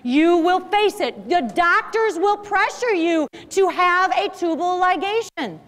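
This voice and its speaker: A middle-aged woman delivers an emphatic, preachy talk to a young crowd, firing off rhetorical questions. Her voice sits high. The sound rings with the long echo of a large hall. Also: expressive, measured pace, fairly bright tone. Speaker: speaker. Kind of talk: chastity talk to young audience.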